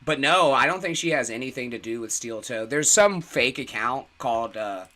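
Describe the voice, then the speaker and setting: A man's voice: medium pitch, lively intonation, moderate pace, pushed and bright. A man in casual, profane podcast chat, telling a story bluntly and with lots of swearing.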